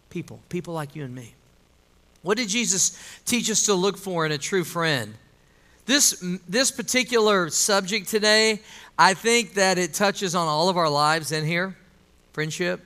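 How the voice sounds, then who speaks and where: A male pastor delivering a conversational sermon in a high, bright voice. He talks with the congregation rather than at them, asking questions and drawing out amens.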